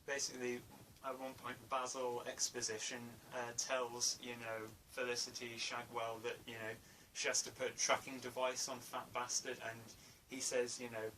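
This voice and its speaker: A man's voice: medium pitch, monotone, normal speed, few pauses, sharp tone. Hesitant man reviewing a film. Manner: hesitant, many fillers and restarts. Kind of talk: casual spoken film review. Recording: distant mic, faint room noise.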